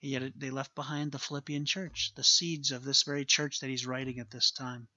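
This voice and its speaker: A man's voice: medium pitch, little pitch movement, brisk, sharp tone, no echo, lo-fi sound. A man preaching a sermon as a pastor, earnest and emphatic, repeating his key phrases for weight.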